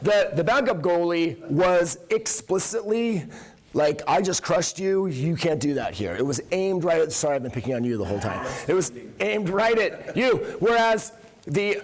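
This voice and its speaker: A middle-aged man addresses a room of coaches in a somewhat high voice. He tells his stories with energy and acts out what the players and referees said. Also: moderate pace. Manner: animated storyteller who acts out dialogue. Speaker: coach and workshop speaker. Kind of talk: conference talk with anecdotes. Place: conference room.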